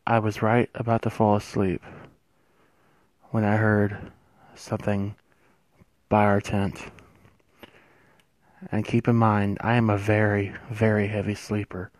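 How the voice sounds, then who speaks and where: Low-voiced man narrating a creepy tale. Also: level tone, no echo. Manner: hushed, suspenseful, with drawn-out pauses. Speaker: horror story narrator. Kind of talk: spooky first-person story narration.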